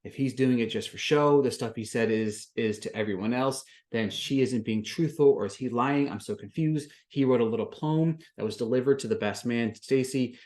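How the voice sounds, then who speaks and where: A man hosting a podcast, recapping a reality show in casual commentary, swinging from flat summary to loud exasperated rants. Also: mid-range voice, moderate pace, few pauses. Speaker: podcast host.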